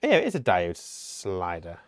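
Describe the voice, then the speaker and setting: A man's voice: low voice, wildly swooping pitch, a little slow, dry recording, studio quality. A man chatting casually while playing a co-op game on stream, thinking aloud and joking with his partner. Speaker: gaming streamer. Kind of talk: casual co-op gameplay chat.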